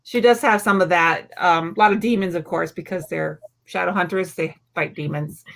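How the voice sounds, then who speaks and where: A woman librarian guest in a casual chat, easygoing and quick to laugh. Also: lowish voice, steady tone, gravelly, fairly bright tone, slight background noise.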